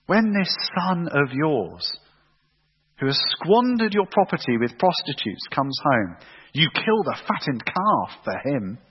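A man's voice: fairly high pitch, big pitch swings, a little slow, husky, heavily acted. A man voicing a resentful older son who complains that he has earned his reward. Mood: indignant. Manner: aggrieved, self-justifying. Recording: echoey hall, dull lo-fi sound.

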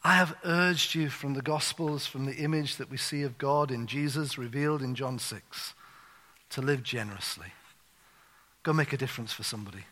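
Chatty preacher in a big hall. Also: male voice, medium pitch, moderate pace, bright, forceful tone. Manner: conversational storytelling with many "you know" fillers. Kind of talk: sermon. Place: church hall. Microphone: wireless handheld or clip mic. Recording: long hall reverb.

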